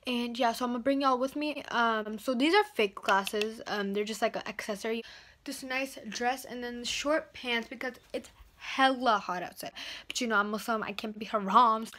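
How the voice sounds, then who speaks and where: A woman's voice: a little high, moderate pace, bright, forceful tone, slight background noise. A teenage girl chatting casually in a vlog on a handheld phone, bubbly and slangy. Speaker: vlogger. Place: home and stores, filmed on the go.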